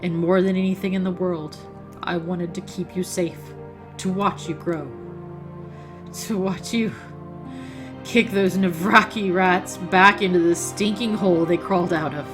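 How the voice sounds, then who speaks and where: A woman voicing a dying older male knight, speaking weakly and tenderly in halting phrases over faint music. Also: on the low side, steady tone, voice pushed down, close to an everyday voice.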